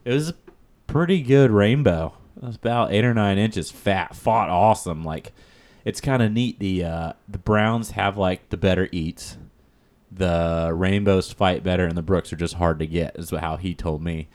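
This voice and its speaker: Male, low-pitched, rambling storyteller for casual podcast talk. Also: normal speed, darkish tone. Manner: rambling storyteller, lots of fillers and "he's like". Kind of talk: casual chat.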